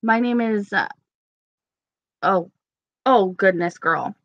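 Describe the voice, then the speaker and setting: A woman's voice: mid-range voice, slow, pauses often, a bit bright, no echo, muffled recording. Stuffy-voiced young woman chatting on a live stream. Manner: chatty, answers viewers by name. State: sore throat, stuffy. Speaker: beauty YouTuber hosting a live stream. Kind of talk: casual live-stream chat reading comments.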